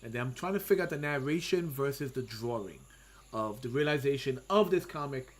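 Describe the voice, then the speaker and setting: A man and comic artist giving casual livestream commentary, thinking aloud as he draws with frequent pauses and self-talk. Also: medium pitch, expressive. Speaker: comic artist streaming his drawing.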